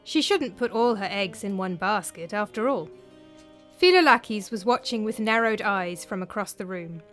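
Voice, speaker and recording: A woman's voice: mid-range voice, moderate pace. A woman narrating a storybook tale expressively. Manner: expressive, animated. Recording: faint background music.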